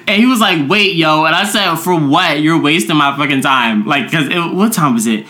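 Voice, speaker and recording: A young woman casually retelling a story, acting out the quotes with big pitch swings and laughing often. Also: moderate pace, pushed and bright, faint music behind. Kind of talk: casual chat, retelling a dating-app exchange.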